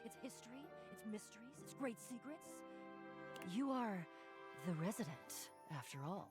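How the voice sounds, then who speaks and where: A woman's voice: a little high, animated, moderate pace, natural voice. A woman voicing an earnest female adventurer in a studio game who speaks grandly and formally, stumbling over her words. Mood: reverent. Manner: grandly formal, flustered and stammering. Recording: game audio with music behind.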